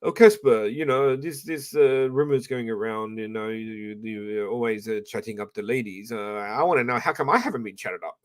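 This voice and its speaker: A man's voice: lowish voice, moderate pace, hardly any pauses, no echo, lightly acted. A man voicing a teasing German woman in a flirty, mock-complaining way, in close to his own voice.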